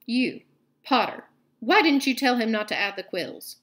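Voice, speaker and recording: A woman's voice: fairly high pitch, normal speed, lightly acted. A woman voicing a cold, contemptuous male potions teacher in a read-aloud storybook, speaking in cutting, sneering tones. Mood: snarling.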